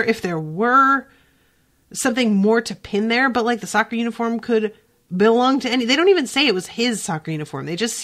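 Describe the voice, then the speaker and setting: A woman hosting a podcast, recapping a TV episode in casual chat, animated and quick to swear. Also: mid-range voice. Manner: animated, swears freely, lots of "like" fillers. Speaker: podcast host.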